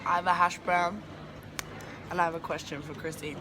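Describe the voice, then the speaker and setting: A young woman chatting casually to camera in a vlog, giggly and jokey, full of fangirl excitement. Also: on the low side, a little fast, background noise. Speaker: vlogger.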